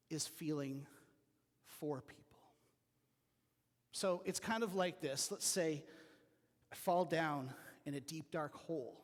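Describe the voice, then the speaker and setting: A man preaching a sermon as pastor, telling personal stories in an earnest way that drops to a quiet voice. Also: fairly high pitch, in a large hall. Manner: earnest storytelling with quiet dips. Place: church sanctuary.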